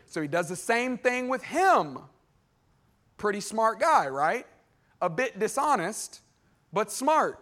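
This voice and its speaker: Brief: male pastor, high voice, chatty sermon delivery that voices the people in his story. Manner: lively, conversational preaching with asides to the crowd; acts out characters in quick voiced exchanges.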